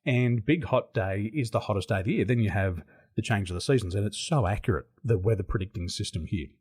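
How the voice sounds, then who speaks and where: A man's voice: on the low side, quick pace, breathy edge. A man from Australia with an Australian accent, a guest in a casual interview, telling stories with lots of laughter. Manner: animated storyteller who laughs often. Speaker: podcast guest. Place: home in Taiwan.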